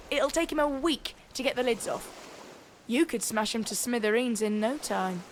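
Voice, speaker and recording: A woman's voice: on the high side, moderate pace, slight background noise, lightly acted. An actress playing a sarcastic, scheming female pirate captain. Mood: coaxing. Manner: sarcastic, coaxing and bossy. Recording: game audio with faint music behind.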